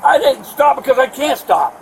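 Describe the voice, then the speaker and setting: A man's voice: very high voice, sing-song, moderate pace, vocal fry, poor audio. An older man who has been arrested, complaining and pleading with profanity, picked up outdoors at night by an officer's body camera. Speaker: arrested cyclist. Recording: bodycam audio with street noise.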